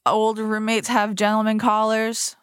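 A woman chatting casually as a co-host, animated and quick to react. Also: on the high side, clear, resonant tone, no echo, clean studio sound. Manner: animated, reads quotes in a put-on accent. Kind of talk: casual chat.

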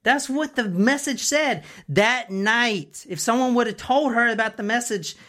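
A woman co-hosting a podcast, telling a true crime story in an animated, suspense-building way. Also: on the high side, measured pace. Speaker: podcast co-host. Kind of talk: casual true crime chat.

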